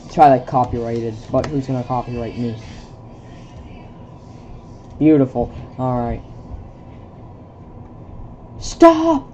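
A woman at home reading a film script aloud for laughs, stumbling over lines in a deadpan way. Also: rumbling low, moderate pace, long pauses, lo-fi sound, a little hiss or hum. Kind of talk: casual comedic script reading. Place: home with a pet dog.

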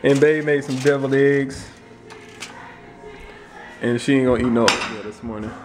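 A man with a mid-range voice, talking at normal speed, hosts a casual home vlog. He jokes around playfully and sometimes sings along while gospel music plays faintly behind him.

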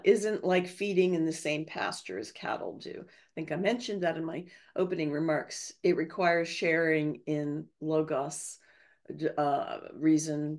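A woman, the guest speaker, explaining ideas in a discussion over a video call. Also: fairly low pitch. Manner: animated, explanatory.

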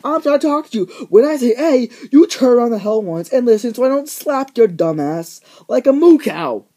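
A man's voice: very high-pitched, sing-song, fairly quick, mellow. A teenage boy ranting casually on his vlog, profane and rambling, full of filler words. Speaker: vlogger.

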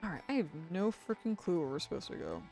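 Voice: mid-range voice, huge pitch swings, quick pace, vocal fry, darkish tone, soft background music. A tired game streamer chatting casually while playing, rambling and apologizing for tripping over words. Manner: rambling and apologetic, frequent restarts. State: tired after a long day. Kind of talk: casual gameplay commentary.

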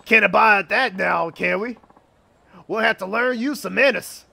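A man voicing a gruff male samurai thug in a drawling, menacing way as he reads game subtitles aloud. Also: sits high, measured pace, bright, forceful tone, slight background noise, exaggerated voice.

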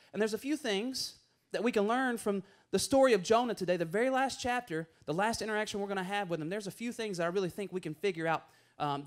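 A man preaching a sermon, animated and playful, acting out voices as he tells stories. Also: high voice. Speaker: pastor.

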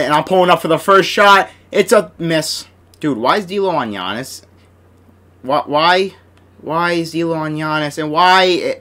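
A young male gamer talks over his basketball video game, swinging between muttered complaints and sudden yelps. His voice is bright and on the higher side, and it jumps around a lot in pitch. He pleads with and scolds his on-screen players. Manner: excitable, frustrated outbursts at the game. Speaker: gaming YouTuber. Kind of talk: live gameplay commentary.

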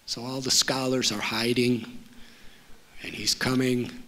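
A man, a spiritual teacher telling a story to an audience in a library auditorium, speaking gently and letting his phrase endings fall soft. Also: mid-range voice, flat delivery, slow. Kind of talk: storytelling talk.

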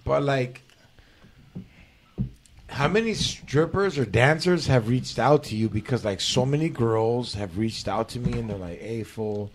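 A man's voice: medium pitch, lively intonation, measured pace, noisy background. A man hosting a podcast in casual chat, teasing his guests in loose, profane slang. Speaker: podcast host. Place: podcast studio.

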